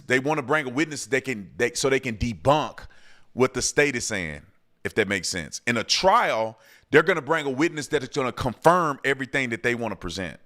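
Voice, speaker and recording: A man's voice: mid-range voice, pushed and bright. A man hosting his own show, answering viewer questions and ranting heatedly, often restarting his sentences. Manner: heated, ranting, repeats himself. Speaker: show host. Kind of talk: commentary and viewer Q&A.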